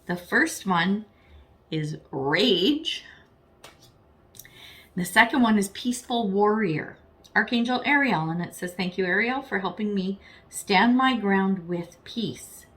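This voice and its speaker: A woman's voice: mid-range voice, lively intonation, slow pace, fairly bright tone. Chatty, foul-mouthed woman tarot reader. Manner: chatty and frank, swears freely; addresses viewers directly, self-deprecating asides. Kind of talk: casual tarot reading to camera.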